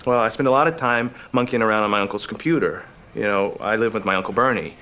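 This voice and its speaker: A hapless shy store clerk. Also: male voice, fairly low pitch, fast, pushed and bright. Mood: glum. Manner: mild, self-deprecating, hesitant. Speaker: client. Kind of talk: sitcom acting.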